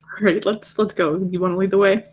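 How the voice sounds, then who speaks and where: A woman's voice: mid-range voice, steady tone, darkish tone, breathy edge. Teasing woman player. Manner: teasing, quick questions. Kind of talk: in-character tabletop play.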